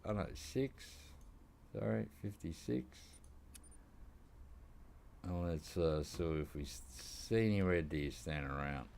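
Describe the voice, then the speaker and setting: Australian male streamer, low voice, chatty and joking, gameplay commentary. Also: unhurried, gravelly, long pauses, darkish tone, a little hiss or hum. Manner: joking, chatty, talks to the animals on screen. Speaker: gaming streamer.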